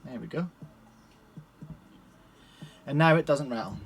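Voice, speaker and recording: A man's voice: medium pitch, unhurried, gravelly, a little hiss or hum. Chatty Scottish man streaming. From Scotland. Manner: chatty, cheerful, talks while working with his hands. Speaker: streamer setting up cubes. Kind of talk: casual live-stream chat. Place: shed.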